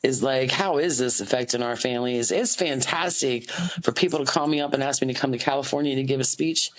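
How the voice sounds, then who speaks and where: A woman's voice: rumbling low, fairly quick, rough recording. A woman in her forties from the United States, a podcast guest and activist, talking candidly and earnestly in an interview, full of fillers and restarts, speaking from an office. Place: an office, indoors.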